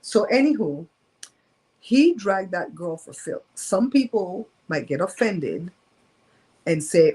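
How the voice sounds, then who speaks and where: A woman hosts a loose storytime live stream from her home, her voice at an ordinary middle pitch. She talks frankly and with emphasis, dishing about other people with plenty of gossip and opinion. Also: big pitch swings, a little slow, darkish tone, breathy edge, poor audio. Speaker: host of a live show.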